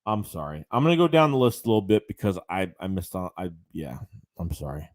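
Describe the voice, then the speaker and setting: A man's voice: low voice, animated, fairly quick. A man hosting a late-night sports livestream, ranting about his team and reading viewer chats aloud in a casual way. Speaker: livestream host.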